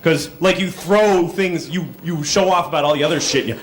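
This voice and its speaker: A man doing a stand-up comedy set, telling stories and acting out people in sudden high yelps. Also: normal speed, hardly any pauses. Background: audience laughter.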